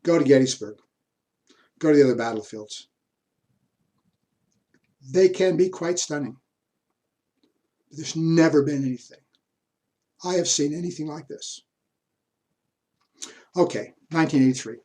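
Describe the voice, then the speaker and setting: A man's voice: on the high side, unhurried, long pauses, warm tone. An older man lecturing on history, telling a reflective personal story and repeating words as he searches for them.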